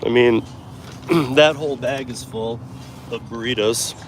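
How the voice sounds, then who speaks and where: A man's voice: mid-range voice, unhurried, a little hiss or hum. A middle-aged man from Michigan with a Michigan accent, chatting casually on a live stream while driving, rambling and restarting his sentences. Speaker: delivery driver livestreamer. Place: inside a vehicle. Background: music playing.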